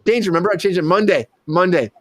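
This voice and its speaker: A male host of a live comedy talk show, rambling and riffing with lots of swearing. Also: high voice. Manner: rambling, profane, riffing rapid-fire.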